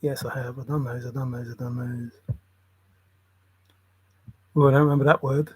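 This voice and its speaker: A man's voice: mid-range voice, level tone, moderate pace, a little mellow, husky. A man rambling in a solo monologue, muttering to himself and breaking into sudden exclamations. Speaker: channel host.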